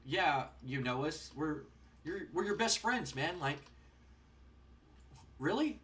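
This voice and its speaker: An annoyed wrestler friend, voiced by a man, casual and confronting in tone. The voice sits a little back from the mic and stays high. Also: animated, slow, pushed and bright, heavily acted. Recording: voice distant from the mic.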